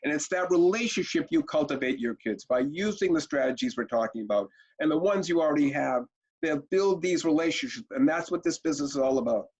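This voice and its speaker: Animated man lecturing on parenting. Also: a little high, a little fast, husky, muffled recording. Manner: animated, rhetorical questions, repeats for emphasis. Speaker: parenting webinar presenter. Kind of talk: energetic storytelling lecture.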